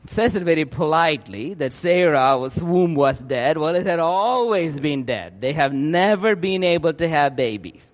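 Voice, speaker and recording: Excited high-voiced male preacher. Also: long reverb tail. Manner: excited, rushing, keeps checking in with "yeah?". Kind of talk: sermon.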